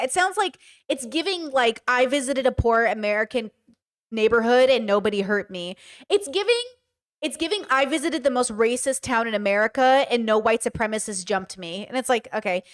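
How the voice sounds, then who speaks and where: A woman hosting a livestream, chatting casually about a video with lots of fillers and restarts. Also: a little high. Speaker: streamer host.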